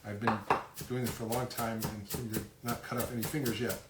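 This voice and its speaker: A chatty man talks his way through a recipe in his home kitchen, halting now and then with ums while he chops. He sits back from the mic, and the room rings around him. Loud clatter of knives, dishes and pans fills the background. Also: lowish voice, little pitch movement, heavy background noise. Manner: chatty, self-deprecating, halting with fillers. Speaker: cooking show host. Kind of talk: casual live cooking demonstration. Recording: roomy, distant kitchen sound with loud clatter. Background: cutlery, dishes and chopping clatter.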